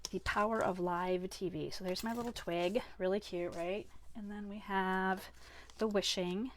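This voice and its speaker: Woman running a live card class, chatty, laughs at her own goofs, medium pitch. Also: fairly even intonation, measured pace, a little hiss or hum. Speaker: crafting class host. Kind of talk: live card-making demonstration.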